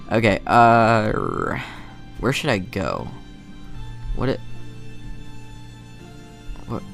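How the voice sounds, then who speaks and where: A man's voice: on the low side, expressive, slow pace, long pauses, a bit bright, soft background music. A man casually commenting on a game and reading its text aloud, chatty and self-deprecating. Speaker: gaming channel host.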